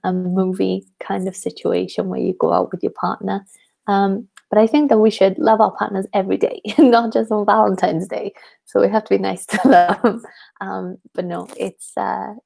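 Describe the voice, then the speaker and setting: A woman's voice: medium pitch, gravelly, warm tone. A young Welsh woman, an English teacher, chatting casually with her viewers in a live question-and-answer session, with frequent ums and light laughter. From Wales. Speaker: English teacher and channel host.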